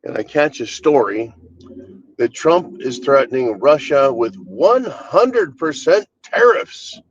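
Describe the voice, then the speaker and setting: A man's voice: medium pitch, very animated, slow pace, muffled recording. A man hosting his own channel, ranting bluntly and with exasperation, swearing freely. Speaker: channel host. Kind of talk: casual political rant.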